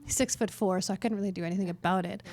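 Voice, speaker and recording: A middle-aged woman from northern Canada telling stories at a worship workshop, lively and self-mocking, with many fillers. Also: mid-range voice, racing. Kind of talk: storytelling in a conference talk. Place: conference workshop room.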